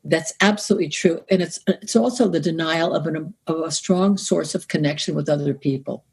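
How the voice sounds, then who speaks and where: A woman guest, a grief counselor, speaking in a calm, measured, reflective way on a podcast. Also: low-pitched, slightly rough. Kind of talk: conversational podcast interview.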